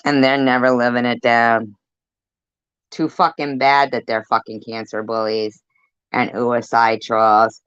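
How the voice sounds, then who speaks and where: A woman's voice: a bass voice, flat delivery, a little slow, smooth, no echo, highs cut off. A woman hosting an angry commentary over clips, swearing and repeating herself defiantly. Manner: profane, defiant and repetitive. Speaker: commentary channel host.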